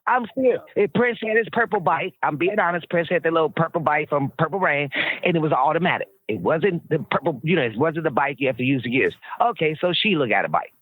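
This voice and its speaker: A woman's voice: deep voice, animated, fast, slightly rough, no echo. A woman guest telling casual stories in a blunt, profane way, laughing often as she talks. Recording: tinny, dry phone line.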